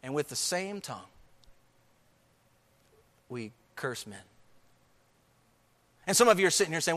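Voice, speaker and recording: A man's voice: on the high side, big pitch swings, measured pace, long pauses, a bit bright, long reverb tail. A man preaching a sermon, emphatic, repeating key phrases and asking rhetorical questions.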